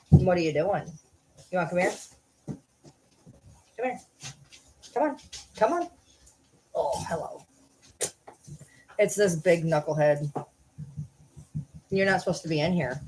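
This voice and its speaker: A woman vlogging casually at home at night, chatting to the camera and calling and scolding her dogs in a high sing-song. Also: a little mellow, a little hiss or hum, rough recording.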